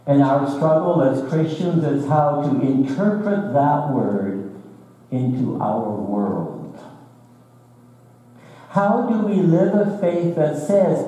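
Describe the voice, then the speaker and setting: A visiting minister preaching a sermon in a measured, deliberate way, with touches of dry humor, in a large church. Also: male voice, a little high, big pitch swings, warm tone, lo-fi sound. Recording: echoey church hall from far off.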